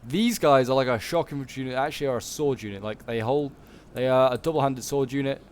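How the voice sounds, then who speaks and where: Fast-talking and darkish in tone, this mid-range Yorkshireman narrates gameplay for his channel in a loose, rambling way, constantly saying "like" and "um" and correcting himself. A bit of background noise sits under his voice.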